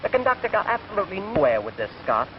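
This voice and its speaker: A man's voice: sits high, big pitch swings, fast talker. A young man with an English accent telling jokes in chatty, self-amused 1940s film comedy banter. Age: young adult. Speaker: film actor playing himself. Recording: dull hissy 1940s film soundtrack.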